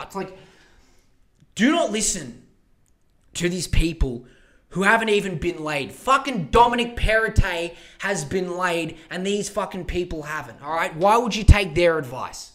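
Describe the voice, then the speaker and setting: A man's voice: sits high, animated, a little slow, fairly bright tone. A young man hosting a solo podcast, ranting about politics in a profane, rambling way. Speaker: podcast host.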